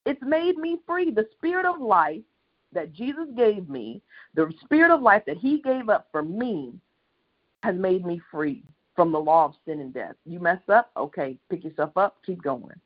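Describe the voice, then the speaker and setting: Husky preacher over a lo-fi phone line. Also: mid-range voice, very animated, normal speed. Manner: impassioned, repetitive, swells to loud peaks. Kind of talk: sermon on a prayer line.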